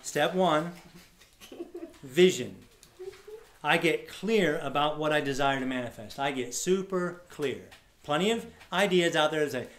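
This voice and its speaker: A man giving an energetic, casual storytelling talk to a live audience at an event. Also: on the high side, unhurried. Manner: energetic, casual, swears now and then. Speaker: workshop speaker. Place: large room at a live event. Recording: echoey room sound.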